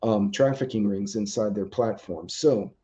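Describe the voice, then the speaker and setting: This livestream host has a fairly low, warm voice and takes his time. He chats casually with his audience, reads out their comments, and rambles along with lots of ums, all over dull, lo-fi stream sound.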